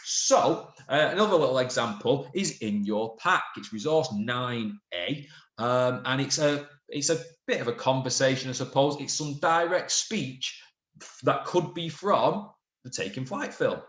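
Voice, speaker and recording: A man's voice: medium pitch, animated, measured pace, a bit bright, reverberant. A man teaching a recorded lesson, patiently explaining and reading out example sentences with changing emphasis. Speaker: primary school teacher.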